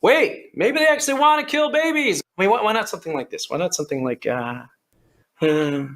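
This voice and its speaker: A man's voice: high voice, expressive, brisk, a bit bright. A man playing Satan as a scheming, sly male devil who coaxes and mocks in a comedy sketch. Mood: sly coaxing. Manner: sly, coaxing, mocking.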